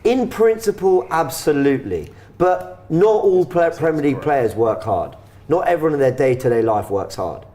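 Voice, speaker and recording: Animated male watchalong host. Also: moderate pace. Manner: animated, defends his opinion, shifts pitch a lot. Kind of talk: live football watchalong chat.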